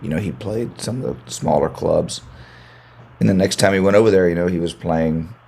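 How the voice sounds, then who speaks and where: Chatting casually as an interview guest, this American country singer rambles, repeating words whenever he starts a sentence over. His voice sits low and sounds creaky, darkish and slightly rough, at a normal speed.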